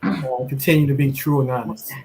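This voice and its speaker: A man answering his partner's relationship questions on a podcast, in a relaxed and hesitant way. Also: medium pitch, brisk, slight background noise, rough recording.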